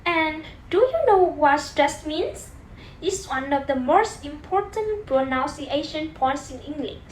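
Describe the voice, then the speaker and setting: A woman's voice: high-pitched, animated, a little slow, roomy sound, faint music behind, poor audio. A young woman with a Vietnamese accent gives a class presentation, hesitant and full of "uh" fillers. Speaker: student presenter. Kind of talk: class presentation on English stress.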